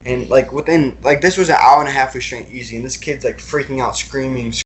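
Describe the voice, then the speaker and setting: A man's voice: mid-range voice, steady tone, fairly quick, a crowd in the background. A young man recounting personal experiences as a podcast guest, talking casually with lots of fillers and repeated words.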